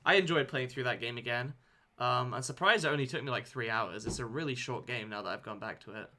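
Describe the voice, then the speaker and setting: A man's voice: medium pitch, fast, bright, forceful tone. A man hosting a game stream and chatting casually with a friend, laughing often. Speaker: streamer host.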